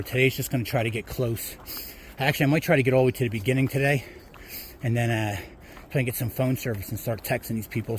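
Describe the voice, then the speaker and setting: Guy talking to his camera on a hiking trail, rambly, lots of ums, a bit of noise behind. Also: mid-range voice. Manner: rambling, chatty, many fillers. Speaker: hiker vlogger. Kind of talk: casual trail vlog.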